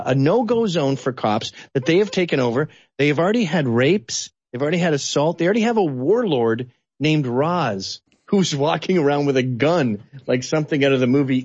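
A man from Canada giving blunt, animated political opinions as an interview guest. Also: breathy edge, dry recording, highs cut off. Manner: blunt, animated, sweeping pitch swings.

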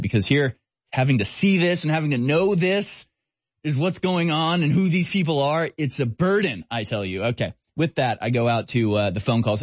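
A man hosts a talk radio show in a scornful, mocking tone that runs from quick asides to slow, drawn-out sneers. His voice sits in an ordinary middle pitch. The sound is close and dry, with no room echo. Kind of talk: opinionated talk radio monologue.

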